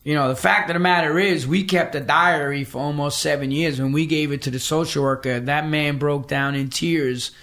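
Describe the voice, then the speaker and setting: A middle-aged man tells a personal story as a podcast guest. His voice sits a little high and has a gravelly, rough edge. He swears freely and acts out the voices of the people he quotes. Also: fairly even intonation, moderate pace, hardly any pauses, a bit bright. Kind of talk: storytelling in conversation.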